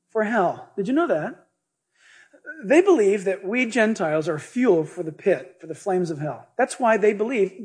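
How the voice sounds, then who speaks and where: High-voiced, husky preacher. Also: male voice. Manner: animated, storytelling. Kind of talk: sermon.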